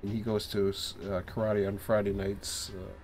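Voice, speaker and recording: A man giving casual, thinking-aloud commentary while playing a train dispatching game, low-key and a bit sleepy. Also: flat delivery, moderate pace, darkish tone. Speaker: streamer.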